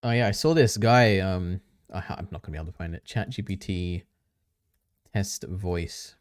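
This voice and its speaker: This casual live-stream commentary comes from a man with a deep, clean-toned voice at normal speed, recorded in a clean studio with no room sound. He reads on-screen text aloud, often trailing off into muttering to himself.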